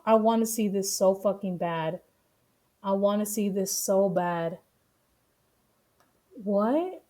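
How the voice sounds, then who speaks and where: A woman streamer giving casual, profane commentary on the news, blunt and quick to laugh. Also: mid-range voice, mellow.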